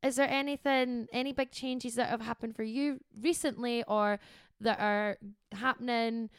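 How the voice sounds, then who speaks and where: A woman's voice: fairly high pitch, steady tone, normal speed, smooth, no echo, studio quality. A young woman co-hosting a casual podcast, teasing her friend and laughing through the banter. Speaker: podcast co-host. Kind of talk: casual chat.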